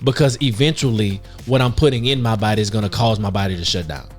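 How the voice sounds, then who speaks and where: A man's voice: on the low side, fast talker, faint music behind. A man in his fifties, co-hosting a podcast in casual chat, telling self-mocking stories with frequent laughs. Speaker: podcast co-host.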